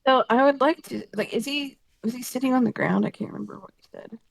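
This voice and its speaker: Female player, gravelly fry in the voice, casual table chat, hesitant and joking. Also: fairly high pitch, quick pace, no echo. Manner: joking, hesitant, self-correcting.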